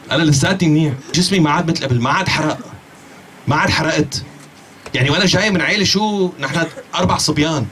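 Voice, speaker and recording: A man's voice: on the high side, racing, fairly bright tone, a little hiss or hum. A man doing self-mocking, chuckling stand-up. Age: 40s. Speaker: stand-up comedian. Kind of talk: stand-up monologue.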